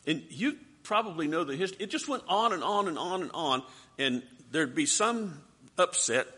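A man preaching a sermon, asking rhetorical questions with dramatic swings from soft to loud. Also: fairly high pitch, lively intonation, normal speed, slightly rough.

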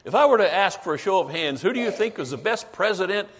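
A man preaching a sermon emphatically, asking rhetorical questions and slowing down for stress. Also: high-pitched, lively intonation, fairly bright tone, slight background noise.

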